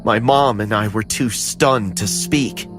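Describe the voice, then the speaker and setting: A man narrating a scripted horror story in the first person, steady and dramatic. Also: fairly low pitch, slow, over music.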